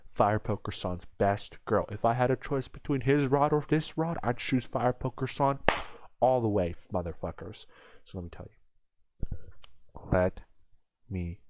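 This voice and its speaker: Young male reviewer, low register, crude rambling sarcasm, dry close mic. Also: dry recording. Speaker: anime reviewer. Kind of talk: casual comedic commentary.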